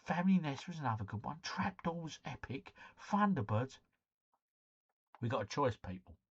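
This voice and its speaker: Male streamer, lively up-and-down delivery, dull lo-fi mic. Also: medium pitch, moderate pace, slightly rough, no echo. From United Kingdom. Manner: chatty, matey, reads and answers chat comments. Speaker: live stream host. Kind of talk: casual live-stream chat.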